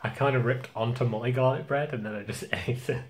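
A man's voice: mid-range voice, steady tone, a little fast, slight background noise. A young man vlogging casually, rambling, joking and swearing a lot. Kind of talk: casual vlog rant.

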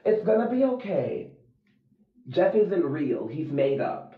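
Guy doing a phone live at night, kinda high voice, dramatic and jumpy, roomy echo. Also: very animated, slow. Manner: dramatic, jittery, gushes at viewers. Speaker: livestream host. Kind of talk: casual live-stream chat. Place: dim room at home at night. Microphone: phone propped against a mirror. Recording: echoey, dull lo-fi phone audio.

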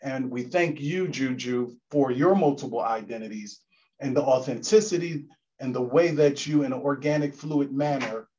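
A man from the commission giving formal closing remarks at a virtual event, measured and solemn with a preacherly cadence, over a video call. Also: medium pitch, mellow. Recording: dull lo-fi call audio.

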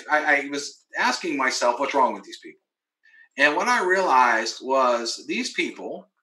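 A man giving an energetic marketing pitch in a webinar, emphatic and acting out the doubts of his prospects. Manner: emphatic, acts out quoted voices of prospects. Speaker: webinar presenter. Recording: roomy echo.

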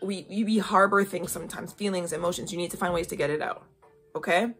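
A woman's voice: lowish voice, quick pace, vocal fry, a bit bright, soft background music. A young woman hosting a casual spiritual chat, talking emphatically and coaxing her listeners, often checking in with "okay?". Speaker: podcast host giving intuitive readings.

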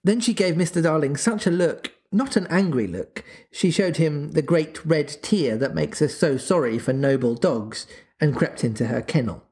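A podcast host reading a classic novel aloud, animated and chatty. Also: mid-range voice, normal speed. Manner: animated, breaks off to chat and laugh.

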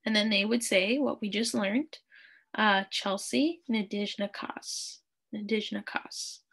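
A woman teaching a beginners' language class online, saying each phrase slowly and repeating it patiently. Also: medium pitch, creaky, a bit bright, husky.

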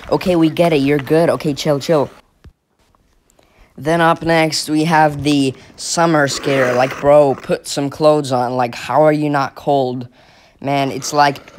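A man's voice: fairly high pitch, slight background noise. A young man from Finland giving mocking, exasperated comic commentary over a video. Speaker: comedy video creator.

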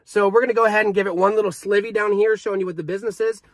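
A man's voice: high voice, steady tone, very fast, no room sound. A young man reviewing a vape in a casual, hyped, joking vlog, talking straight to his viewers.

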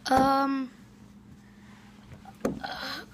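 A woman from Canada vlogging casually, talking in an excitable, rambling way into a phone on a selfie stick. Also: high voice, drawn-out words, a little hiss or hum. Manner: rambling, excitable, lots of "like" and "yeah". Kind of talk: casual vlog.

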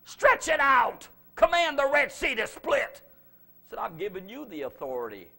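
A man preaching a revival sermon as pastor, who swings from loud, fervent preaching to low, confiding talk. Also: huge pitch swings, moderate pace, vocal fry. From United States.

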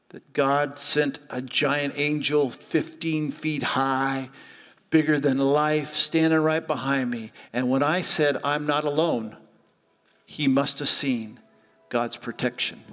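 A middle-aged man preaching a sermon as pastor, telling stories with lively acted-out voices. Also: mid-range voice. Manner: animated storytelling, acting out voices. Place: church hall. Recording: church hall reverb with faint music.

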